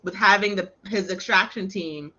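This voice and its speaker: A woman co-hosting a casual movie discussion, thoughtful and quick to concede a point. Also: medium pitch, pushed and bright, breathy edge, lo-fi sound.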